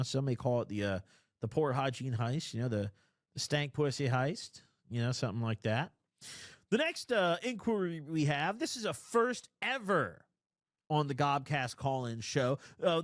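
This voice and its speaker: Crude, animated man in his twenties. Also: medium pitch, no echo, studio quality. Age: 20s. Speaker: call-in show host. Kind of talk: casual storytelling.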